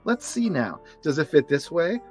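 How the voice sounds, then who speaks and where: A man's voice: a little high, big pitch swings, moderate pace, a little mellow, soft background music, pitched above the performer's own voice. A man voicing a small, thoughtful boy who turns touchy and indignant, reading comic strip lines aloud. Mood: fussy. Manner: fussy, pleading, then indignant outbursts.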